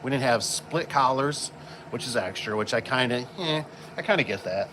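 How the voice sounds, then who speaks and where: A man's voice: medium pitch, lively intonation, normal speed. A man who installs garage doors, chatting casually and rambling with lots of fillers while he works with tools on a job site. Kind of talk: casual work vlog chat. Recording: work-site background noise with vehicles.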